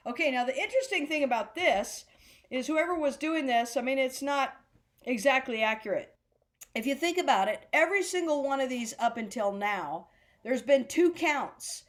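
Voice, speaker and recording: A woman teaching a drum class, chatting loosely and chanting rhythm words slowly in time. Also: sits high, lively intonation, over loud music. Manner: chatty, rambling explanations. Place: senior center class room.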